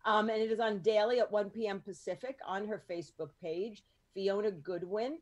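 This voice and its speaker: A woman hosting a podcast panel in casual chat, talking freely with lots of ums and quick asides. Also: mid-range voice, fairly even intonation, darkish tone. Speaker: podcast host and producer.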